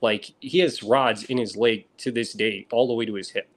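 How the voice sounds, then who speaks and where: An American man in casual chat, swearing constantly and telling stories with animated energy. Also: on the low side, moderate pace. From United States. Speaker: reptile breeder streamer.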